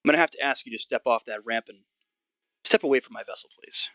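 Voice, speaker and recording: A man voicing an amused, confident man who commands a ship in a tabletop game, drawling slowly and wryly. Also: mid-range voice, bright, forceful tone, no room sound, lightly acted. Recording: dull lo-fi dry mic.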